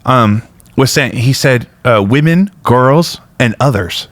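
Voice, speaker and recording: A man's voice: expressive, takes it slowly, dry recording. A man hosting a casual podcast, rambling through stories with jokey asides. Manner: rambling, jokey, prone to sudden high-pitched bits. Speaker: podcast host. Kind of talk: casual chat.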